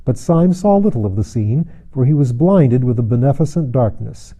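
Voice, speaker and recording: Dark-voiced man reading a novel aloud. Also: medium pitch, animated, poor audio. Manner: measured reading, acting out dialogue. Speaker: audiobook narrator. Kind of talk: scripted narration.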